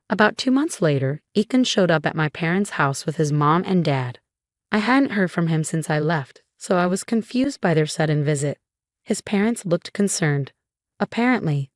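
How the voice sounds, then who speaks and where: A woman telling a first-person story in an even, steady read. Her voice sits low and sounds dry and close, with no room around it. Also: dry recording. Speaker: narrator.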